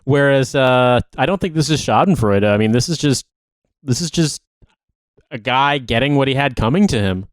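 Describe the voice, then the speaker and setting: A man's voice: medium pitch, lively intonation, moderate pace, clear, resonant tone, no echo. A man co-hosting a podcast in casual chat, ranting in a heated, profane way. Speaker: podcast co-host.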